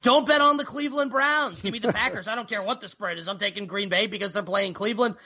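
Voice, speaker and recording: A man's voice: sits high, quick pace, bright, forceful tone, husky. A man co-hosting a sports betting podcast, brash and teasing in casual chat. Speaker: podcast co-host. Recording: dull lo-fi podcast audio.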